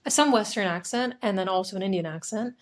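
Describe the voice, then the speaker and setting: Young woman, podcast co-host, casual chat, thoughtful, hedging, mid pitch. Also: a little fast. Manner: thoughtful storyteller, hedging with "I guess".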